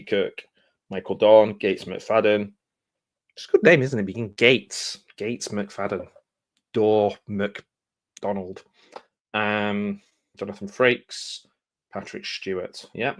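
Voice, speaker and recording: A man with a voice on the low side rambles casually through a stack of film blurbs. He reads a bit, stops to muse, trips over himself, and picks the thread back up. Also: a bit bright. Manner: rambling, self-interrupting, musing aloud; reads blurbs then breaks off with asides. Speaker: film vlogger. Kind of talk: casual chat, reading film blurbs aloud.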